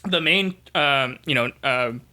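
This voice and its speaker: A man's voice: medium pitch, slow, pushed and bright. A young man co-hosting a podcast, chatting casually about a movie, rambling, swearing and acting out lines in silly voices. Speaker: podcast co-host. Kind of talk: casual movie review chat.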